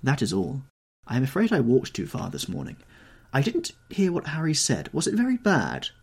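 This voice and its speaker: A man doing a haunted young gentleman. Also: on the high side, huge pitch swings, moderate pace, vocal fry, slightly rough, pitched above the performer's own voice, exaggerated voice. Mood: restless. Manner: anxious, pleading, melancholy.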